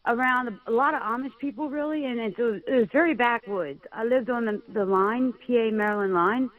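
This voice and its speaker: A woman's voice: fairly high pitch, a little fast, no echo. A woman from Pennsylvania calling in to a show, telling a scary encounter in a hesitant way with many fillers. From Pennsylvania, USA. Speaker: caller. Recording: tinny phone line.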